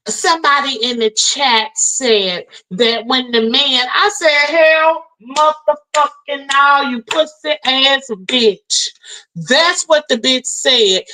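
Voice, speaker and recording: A woman's voice: fairly high pitch, bright, forceful tone, poor audio. A woman hosting a livestream and telling her chat a story in a heated, profane rant, a little tipsy from drinking. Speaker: livestream host.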